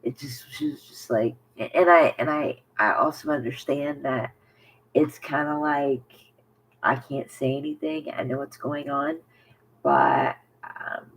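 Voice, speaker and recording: A woman's voice: very deep voice, lively intonation, a little slow, slight background noise, low-quality recording. A woman talking candidly to camera in a casual personal vlog, rambling with many fillers. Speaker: vlogger.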